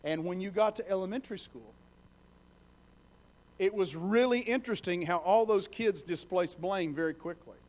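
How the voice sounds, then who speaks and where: A young adult man preaching a sermon in a conversational, storytelling way, animated as he retells scenes. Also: high-pitched, normal speed.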